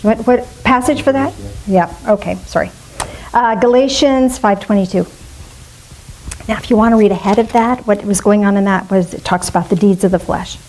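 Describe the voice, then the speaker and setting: A middle-aged woman leading a spiritual fellowship, preaching in a chatty, playful way and slipping into soft gushing voices now and then. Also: medium pitch, moderate pace, a little hiss or hum, poor audio. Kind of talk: casual sermon.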